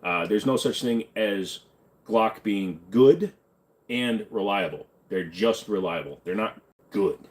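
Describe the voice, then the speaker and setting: A man's voice: lowish voice, unhurried. A man hosting a live stream, answering chat questions in a blunt, offhand, casual way. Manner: blunt, offhand, hums and sings snippets between questions.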